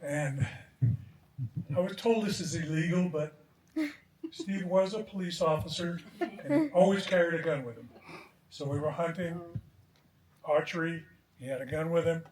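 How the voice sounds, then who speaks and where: A man's voice: on the high side, moderate pace, long pauses, a little mellow. A man giving a joking eulogy outdoors at a memorial gathering, telling stories with a chuckle. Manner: chuckling anecdotal storytelling. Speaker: eulogy speaker. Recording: echoey, distant, crowd behind.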